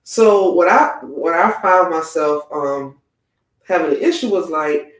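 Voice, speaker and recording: A man chatting casually in a book club discussion, sharing local details in a relaxed way. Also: on the high side, a little slow. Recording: roomy sound from a distance.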